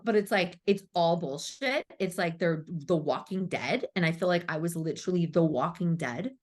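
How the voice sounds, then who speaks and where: A woman's voice: lowish voice, moderate pace, darkish tone. A woman in her thirties, a spiritual coach, telling her story as a podcast guest, candid and swearing freely, acting out her past self. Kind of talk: emotional storytelling interview.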